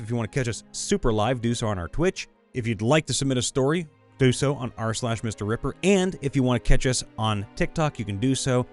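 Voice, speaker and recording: A man, a voice actor, reading fan stories in a playful, upbeat, goofy way. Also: mid-range voice. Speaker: voice actor and story narrator.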